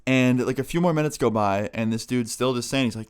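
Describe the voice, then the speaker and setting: A man's voice: medium pitch, fairly quick, clean tone. A young man vlogger telling a funny story in a casual, laughing, swear-filled way.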